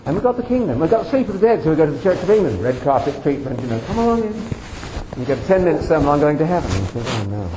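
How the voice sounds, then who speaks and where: Older male speaker, lively emphatic testimony, roomy echoing hall with faint noise. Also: on the high side, fast. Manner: animated, emphatic, addresses listeners directly. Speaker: speaker addressing a congregation. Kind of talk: personal testimony talk.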